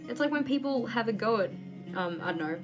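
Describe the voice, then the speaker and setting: A woman's voice: fairly high pitch, expressive, brisk, muffled recording, over music. A woman hosting a casual livestream, chatting candidly and ranting while she journals. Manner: chatty, candid, rants and laughs readily. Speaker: livestream host.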